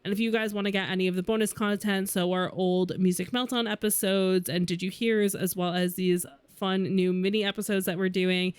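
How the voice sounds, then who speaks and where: Woman, podcast co-host, casual chat, smooth clear voice, dry close mic. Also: mid-range voice, flat delivery, brisk, few pauses, no echo. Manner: chatty, lots of fillers.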